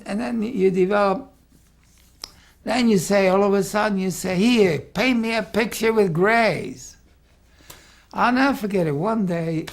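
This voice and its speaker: An older man with a gravelly, husky voice recalls his teaching days in a loose, rambling way. He keeps tossing in "see" and "you know" as he talks through an archival oral history interview. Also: a little high, a little mellow. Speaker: former art school president.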